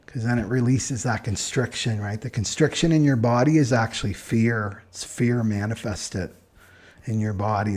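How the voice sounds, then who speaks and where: A man in a relaxed live-stream talk, reading out viewer comments and talking through astrology charts. His voice sits at an ordinary middle pitch for a man. He talks loosely and conversationally, tagging "right?" onto his thoughts and laughing lightly. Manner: relaxed and chatty, keeps adding "right?" with short laughs.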